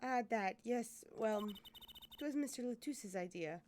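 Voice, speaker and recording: A calm, mysterious woman singer, as a woman voices her, soft and measured. The voice stays lower and hushed, but still moves with a lively lilt. Read in a game playthrough. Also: slight background noise.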